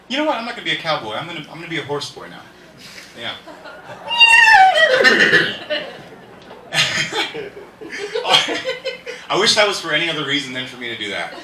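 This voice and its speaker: Sitting high, his voice sounds pushed and bright as he works through a stand-up set at an indoor show, rambling and cracking himself up. The live recording is echoey, with a distant mic and faint hiss.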